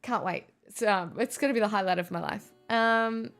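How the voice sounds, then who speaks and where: A woman's voice: mid-range voice, normal speed, fairly bright tone, soft background music. A woman live streaming in casual chat, sarcastic and ranting, often breaking into laughter.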